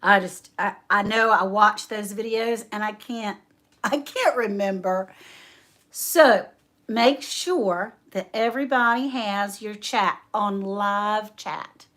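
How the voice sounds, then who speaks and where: A woman hosting a casual livestream, chatting warmly with viewers, laughing often and reading out their names. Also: mid-range voice, takes it slowly. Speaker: homestead channel host.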